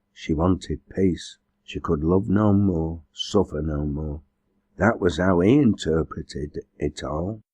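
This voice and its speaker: A man reading a novel aloud as an audiobook narrator, in a measured, earnest way. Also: sits low, warm tone, no echo. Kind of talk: scripted narration.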